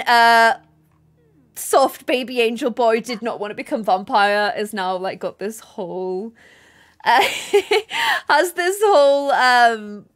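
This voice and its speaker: A young woman streaming a life-sim game, chatting casually and reacting to her chat. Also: fairly high pitch. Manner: chatty, bubbly, reads chat aloud. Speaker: gaming streamer. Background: faint game music.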